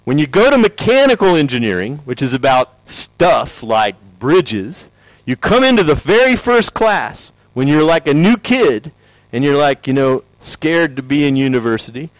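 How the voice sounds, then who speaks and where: A man from Tennessee, giving a joking, animated lecture and acting out quick voices to an audience. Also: fairly high pitch, no room sound, highs cut off. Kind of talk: lively conference talk.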